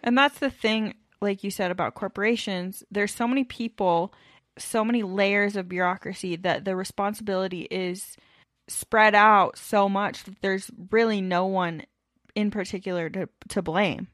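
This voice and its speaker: A woman co-hosting a podcast in easy conversation. She mostly agrees in brief replies, then adds thoughtful points. Her voice is mid-pitched and dry, close to the mic. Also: fairly even intonation, normal speed, fairly bright tone, no room sound. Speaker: podcast co-host. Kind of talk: casual chat.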